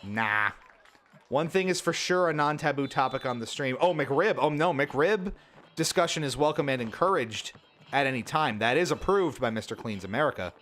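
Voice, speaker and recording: A man's voice: mid-range voice, normal speed. A man streaming a sports video game, giving exasperated play-by-play and venting when his teammates miss easy shots. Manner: exasperated, animated play-by-play with frustrated outbursts. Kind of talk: livestream gameplay commentary.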